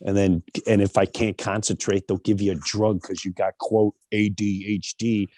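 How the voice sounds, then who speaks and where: A middle-aged man with a lowish voice tells a personal story in a candid monologue at a moderate pace, animated and emphatic as he acts out the voices of the people he quotes.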